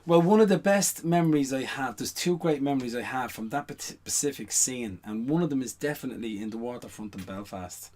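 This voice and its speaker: A man's voice: mid-range voice, lively intonation, a little fast, few pauses, a little mellow. A middle-aged man, a guest on a casual podcast, telling rambling anecdotes full of "you know what I mean" asides. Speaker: guest, stage performer.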